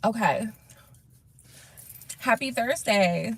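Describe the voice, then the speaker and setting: A woman hosting a live tarot stream, reading viewer comments in a casual, animated way, laughing often and swearing freely. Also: on the high side, extremely slow, gravelly, husky.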